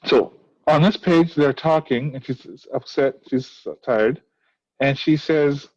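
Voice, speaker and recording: A man's voice: a little high, slow, darkish tone, highs cut off. A male teacher explaining a play to his class, asking many rhetorical questions. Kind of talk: recorded class lesson on a play.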